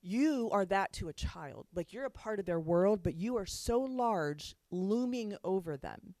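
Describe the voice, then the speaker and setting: A woman's voice: mid-range voice, expressive, a little slow, darkish tone, no room sound, studio quality. A woman counselor giving a chatty talk on parenting to an audience, laughing often as she makes her points.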